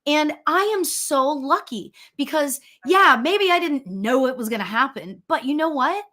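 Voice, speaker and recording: A woman, a medium hosting a spiritual discussion show, chatting in a loud voice and talking quickly as she tells a story. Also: high-pitched, animated. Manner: loud, fast, storytelling with laughs. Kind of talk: casual chat.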